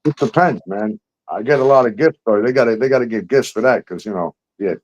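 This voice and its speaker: A man's voice: medium pitch, a little fast, a little mellow, dull audio. A man hosting a casual talk show, ranting heatedly and swearing a lot. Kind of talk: casual profane chat.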